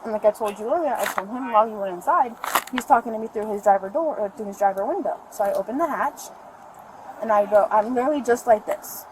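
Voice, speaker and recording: A woman tells her side to police in a long, breathless ramble, her voice sitting fairly high. She is caught on a body camera outdoors, with clear traffic and ambient noise underneath. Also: fast. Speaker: arrested mother. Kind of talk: recounting events to police. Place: outdoors by a store parking lot. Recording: noisy body cam audio outdoors.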